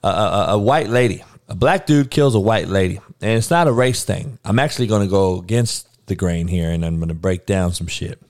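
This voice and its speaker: A man's voice: lowish voice, a little fast, few pauses, a little mellow. Man, show host, ranting monologue, irritated, profane, blunt.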